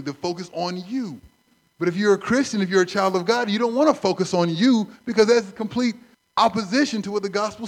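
A man preaching a sermon, conversational and animated, acting out stories. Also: high voice. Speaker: pastor.

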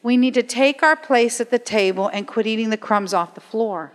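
A woman's voice: on the high side, normal speed. A middle-aged woman preaching a sermon in a church, emphatic and conversational, firing off rhetorical questions. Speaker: guest speaker at a church. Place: church sanctuary. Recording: long hall reverb.

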